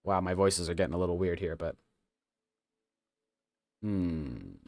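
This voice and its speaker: A man's voice: low-pitched, animated, a little slow, darkish tone, dry recording. A man streaming a game and making wry, casual asides while reading its text.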